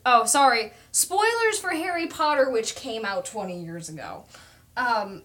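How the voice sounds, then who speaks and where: A woman's voice: fairly high pitch, expressive, measured pace, fairly bright tone. Chatty young woman livestreaming while painting. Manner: chatty, self-deprecating, reads out viewer comments.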